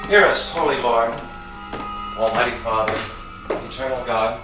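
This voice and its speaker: An actor playing an earnest priest who intones prayers, heard in an echoey film clip over music. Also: male voice, medium pitch, unhurried, close to an everyday voice. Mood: solemn. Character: solemn middle-aged male priest, earnest. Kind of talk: film dialogue.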